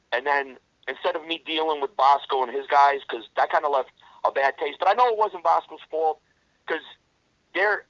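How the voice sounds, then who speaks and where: A man's voice: medium pitch, a bit bright, no echo, lo-fi sound. A man guest in an interview, telling a war story in blunt, profane language and often restarting his sentences. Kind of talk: casual storytelling.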